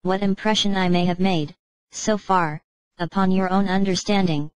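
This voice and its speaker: A woman narrating an audiobook in a measured, even reading style. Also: on the low side, dry recording, poor audio. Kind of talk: scripted narration.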